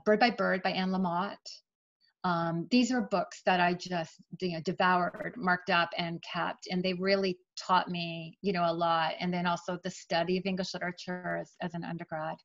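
A middle-aged woman, an author, telling the story of her writing career in a chatty, animated way during an interview. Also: on the low side, highs cut off. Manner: chatty, animated, emotional at times. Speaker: author guest.

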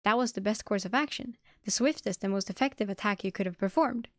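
A woman voicing an angry young man who loudly accuses a rival in an audiobook reading. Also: medium pitch, fast, no room sound, studio quality, close to an everyday voice. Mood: accusing. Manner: intense, accusing, loud.

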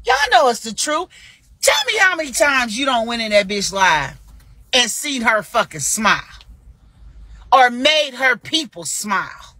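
A woman hosts a livestream and rants heatedly at a rival, swearing at every turn. Her bright, forceful voice rises and falls in wide swings. She lurches from outright shouting to mocking asides. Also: fairly high pitch, very animated, unhurried, dry recording. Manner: heated, scolding, profanity-laced. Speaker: livestream host. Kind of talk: profane livestream rant.

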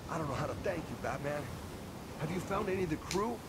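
A man's voice: animated, fast, lightly acted. An actor playing a grateful, relieved male firefighter who speaks earnestly. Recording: game audio with rumble and noise.

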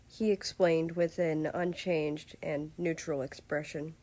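A woman reading fan fiction aloud as a steady storyteller. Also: deep voice, takes it slowly, hardly any pauses. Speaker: fanfiction reader.

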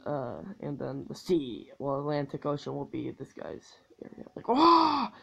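A woman's voice: rumbling low, normal speed, creaky, darkish tone, slight background noise. A young woman giving casual commentary on a strategy game, talking loosely with lots of fillers and swearing. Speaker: gameplay commentator. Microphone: tablet's built-in mic.

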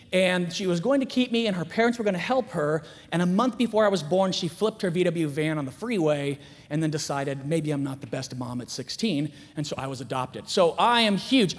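A middle-aged man giving a storytelling talk in a school chapel, acting out the dialogue in lively character voices. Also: high voice, a little fast. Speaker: chapel speaker. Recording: echoey hall with long reverb.

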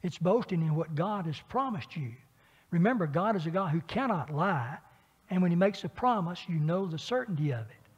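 A man teaching a Bible class in a church, talking conversationally with frequent filler pauses and questions for the class. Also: high voice, lively intonation, breathy edge. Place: church meeting room. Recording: dull, echoey church room recording.

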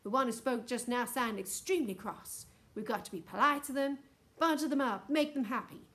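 A woman voicing a fearsome, bossy old nanny who speaks in a sharp, commanding way. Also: on the high side, a little fast, lightly acted.

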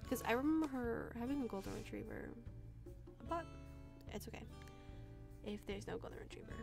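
A woman's voice: on the high side, lively intonation, a little fast, vocal fry. A young woman casually commenting on her life-sim gameplay, chatty and giggly, talking straight to her viewers. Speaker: gaming video creator. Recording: music playing under the voice.

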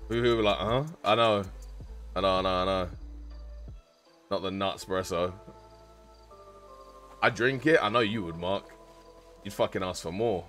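A man with a London accent chats to his stream viewers, his voice sitting a little low. He explains things in a loose, rambling way and swears casually. Soft music plays faintly behind him. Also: measured pace, pauses often. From South East London.

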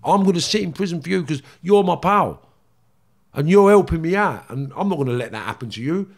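A man's voice: fairly high pitch, expressive, a little fast, vocal fry. London guy, middle aged, blunt and swearing, gets emotional telling his story. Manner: emotional, blunt, swears freely, acts out dialogue. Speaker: guest, former gangster. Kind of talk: candid interview storytelling.

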